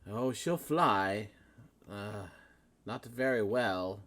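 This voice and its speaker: A man's voice: lowish voice, drawn-out words, a bit bright, full character voice. A man voicing an elderly male tower keeper who sighs and frets over his broken tower. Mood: wry.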